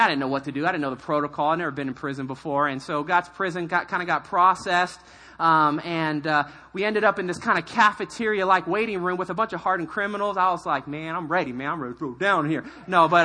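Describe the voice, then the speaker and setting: A middle-aged man from California, a pastor telling his life story in a sermon, animated and self-mocking, acting out quoted voices. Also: high voice. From California, USA. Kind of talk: sermon testimony.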